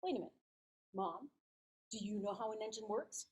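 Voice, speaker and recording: Woman acting out a relentless little boy needling his mother, pitched up slightly. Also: normal speed, a little mellow, slight background noise, lightly acted. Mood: suspicious. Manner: taunting, insistent questioning. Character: shrewd relentless young boy, badgering.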